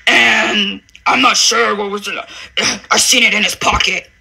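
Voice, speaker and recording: A woman mocking a rival, putting on her hesitant, scared-sounding voice in a lower tone. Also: fairly even intonation, normal speed, vocal fry, bright, forceful tone, breathy edge, heavily acted, poor audio. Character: whiny, scared young woman being mocked.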